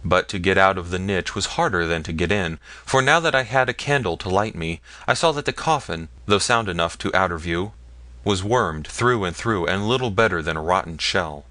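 A man narrating an audiobook in a measured, even storytelling manner. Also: deep voice, no room sound. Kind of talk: scripted narration.

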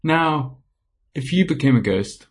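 A man's voice: fairly high pitch, animated, a little slow. A man co-hosting a podcast, chatting casually in a dry, teasing way. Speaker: podcast co-host. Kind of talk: casual chat.

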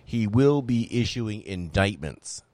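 A man's voice: on the low side, slow, no echo. A man hosting a political talk show, speaking emphatically and repeating phrases to drive his points home. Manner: emphatic, animated, repeats himself when making a point. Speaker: podcast host.

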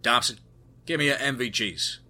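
A man's voice: mid-range voice, moderate pace, pushed and bright, voice pushed up. A man voicing a decisive male team leader giving firm orders in a spoken story. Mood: commanding.

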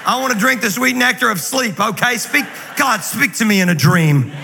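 A man preaching a sermon in an energetic, joking, conversational way. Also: sits high, moderate pace, gravelly, over loud music, over a noisy crowd. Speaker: guest pastor. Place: large church auditorium. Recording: reverberant hall, faint noise.

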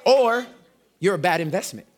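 Pastor guy preaching, real high voice swinging all over, shouts back and forth with the crowd. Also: normal speed, a little hiss or hum. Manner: energetic, shouting call-and-response with the congregation. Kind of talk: sermon.

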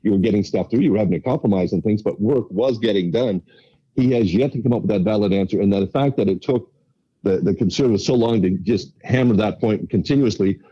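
A man giving political commentary as a panelist, talking quickly and emphatically and piling up repeated points. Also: fairly low pitch, dark tone, husky, lo-fi sound.

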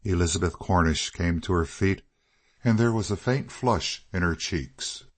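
A man reading a novel aloud as an audiobook narrator, in measured, steady storytelling. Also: low voice, slightly rough, no room sound. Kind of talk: scripted narration.

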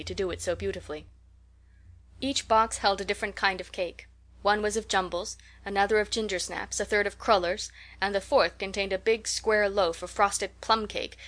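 A woman narrating an old children's book with a steady, gentle storytelling pace. Her voice sits in a middle register, neither high nor low, and she reads with calm clarity. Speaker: audiobook reader. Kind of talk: scripted narration.

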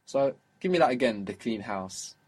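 A man's voice: medium pitch, expressive, normal speed, darkish tone, husky. A man teaching a spoken Arabic lesson, explaining patiently and prompting his student with questions.

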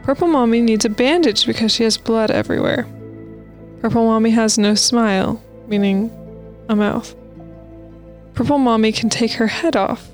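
A woman's voice: fairly high pitch, moderate pace, soft background music. A woman co-hosting a podcast, reading listener stories aloud in a casual, playful way with asides. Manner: reads posts aloud with playful asides and laughs.

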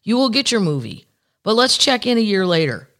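A chatty podcast host with a gravelly voice rambles through stories. The host swears freely and reads news aloud with sarcastic asides. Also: medium pitch, big pitch swings, fairly quick, fairly bright tone. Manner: candid, profane, rambling. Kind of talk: casual chat.

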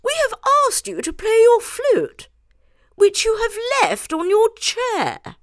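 A woman's voice: very high-pitched, huge pitch swings, slow, no room sound, clean studio sound, voice pushed up, full character voice. A woman doing a stern, regal queen. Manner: stern, clipped.

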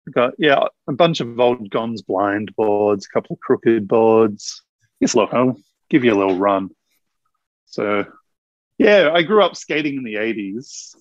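A man's voice: mid-range voice, expressive, a little slow, no echo. Rambling Australian man, slightly muffled. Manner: rambling, self-deprecating, laughs often. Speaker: guest musician. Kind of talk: casual podcast chat.

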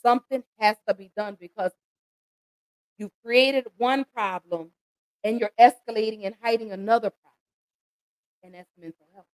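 A woman's voice: on the high side, normal speed, long pauses, a little mellow, no echo, rough recording. Impassioned American woman, dry close sound. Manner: impassioned, pleading, addresses listeners as y'all. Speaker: host. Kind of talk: emotional commentary.

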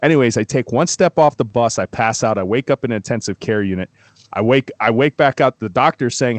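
Animated man ranting about football. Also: mid-range voice, fairly quick, dry recording. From Florida. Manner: animated storyteller, swears freely, gets worked up. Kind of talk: casual sports talk.

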